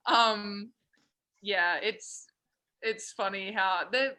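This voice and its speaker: A young woman with an Australian accent and a bright, clear voice, chatting loosely in an interview over a video call. She tells stories in an easy, relaxed way and keeps breaking into laughter. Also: on the high side, slow pace, pauses often. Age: young adult. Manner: laughs often, relaxed storytelling. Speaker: college basketball player. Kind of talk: casual interview answers.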